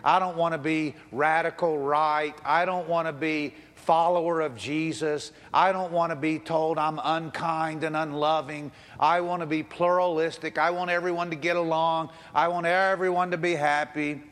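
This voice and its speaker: A fairly high-voiced man preaching in a large church hall, his words trailing off into a long reverb. He tells the story dramatically, rising to loud outbursts and dropping to a hush. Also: fairly even intonation, moderate pace, hardly any pauses. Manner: dramatic storytelling, swings between loud and hushed. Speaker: pastor. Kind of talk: sermon.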